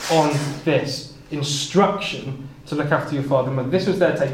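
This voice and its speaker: Reading aloud from the King James Bible, a man with a somewhat high voice preaches an exposition at normal speed with few pauses. As he explains the text he stumbles over repeated words; the room is echoey and carries faint ambient noise.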